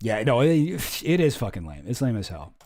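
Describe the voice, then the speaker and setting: A man's voice: mid-range voice, big pitch swings, normal speed, darkish tone. A man giving casual, profane commentary, sarcastic and ranting, mocking official statements in a pompous read-aloud voice. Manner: sarcastic, ranting, swears a lot. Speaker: commentary streamer.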